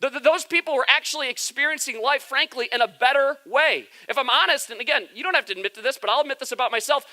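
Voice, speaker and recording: A pastor preaching a sermon in a bright, forward voice. The delivery is candid and confessional, openly admitting personal struggles to the congregation. The tone stays conversational. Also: sits high, animated, quick pace, few pauses.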